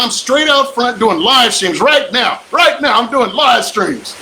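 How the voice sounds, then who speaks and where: Emphatic older man, bright, high voice. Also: animated, unhurried, a little hiss or hum, low-quality recording. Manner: preachy, emphatic, repeats lines for effect. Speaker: real estate investor and coach. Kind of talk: motivational live stream pitch.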